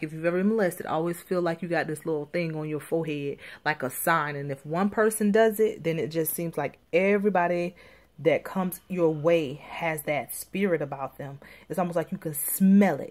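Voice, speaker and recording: A woman from Florida, working as a life coach, giving an intimate, emphatic personal testimony that sometimes drops to near whispers. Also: low-pitched.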